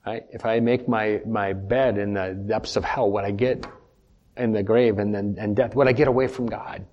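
A man's voice: on the low side, fairly even intonation, normal speed, dull audio. Emphatic male pastor preaching. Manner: emphatic, repeats key points and asks the congregation questions. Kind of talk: sermon. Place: church.

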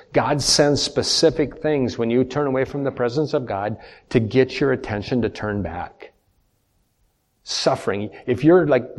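A man's voice: mid-range voice, a little mellow. A man preaching a sermon as pastor, emphatic, repeating key points and putting questions to the congregation. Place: church.

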